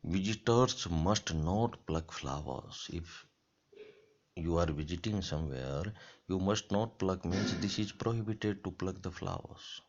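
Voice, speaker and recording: Male lecturer, very deep and unhurried, methodical and repetitive delivery, muffled lo-fi sound. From India. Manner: slow, deliberate, repeats example sentences. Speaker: college lecturer. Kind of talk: grammar lecture. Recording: dull lo-fi lecture recording.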